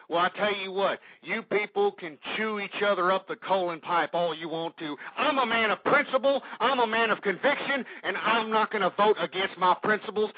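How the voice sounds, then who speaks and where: A man's voice: high voice, no echo. A man hosting an internet talk radio show, delivering a fervent, repetitive political rant with crude language. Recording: dull lo-fi internet radio recording.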